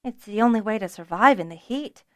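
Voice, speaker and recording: A woman's voice: medium pitch, expressive, a little fast, a bit bright, dry recording, studio quality, lightly acted. A woman voicing a plucky, frank young noblewoman dragonrider with a good-humored manner.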